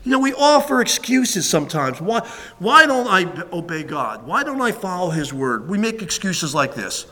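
A man's voice: high-pitched, sing-song, moderate pace, sharp tone, in a large hall. A man preaching a sermon as pastor, emphatic and repetitive, with frequent fillers and restarts.

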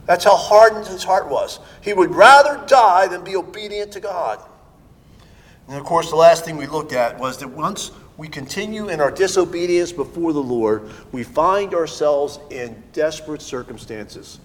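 High-voiced pastor preaching in a hall. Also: male voice, expressive, normal speed. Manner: emphatic, swings between hushed and loud. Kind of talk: sermon.

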